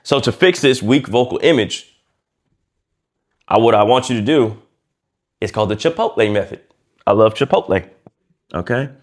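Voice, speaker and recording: A man coaching viewers on speaking, casual and lively, acting out quiet and loud ways of talking and using slang as he goes. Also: mid-range voice, normal speed, pauses often. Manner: lively and demonstrative, acts out quiet and loud speech. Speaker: communication coach. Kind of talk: casual instructional talk to camera.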